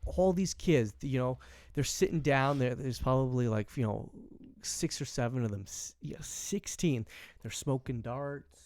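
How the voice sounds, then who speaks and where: A young man from Canada telling a story in casual podcast chat, rambling with many fillers and animated quoting. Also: mid-range voice, unhurried, dry recording, clean studio sound. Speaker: podcast host.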